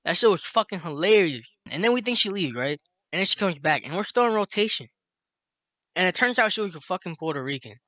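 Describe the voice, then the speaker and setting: Young man, slightly high voice, bright and forceful, dry close sound, profane rambling storyteller from Chicago. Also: very animated, a little fast, no echo. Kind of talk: casual storytime monologue.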